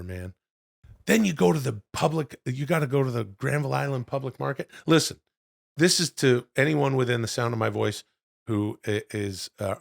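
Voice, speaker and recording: Gravelly man on a podcast, rambling. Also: lowish voice, no room sound, studio quality. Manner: loud, profane storytelling with bursts of excitement. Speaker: podcast co-host. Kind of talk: casual podcast chat.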